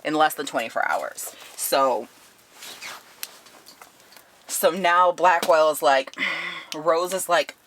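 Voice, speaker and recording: A woman giving a casual book review, animated and profane, laughing often. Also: sits low, slow pace, pauses often, a little hiss or hum.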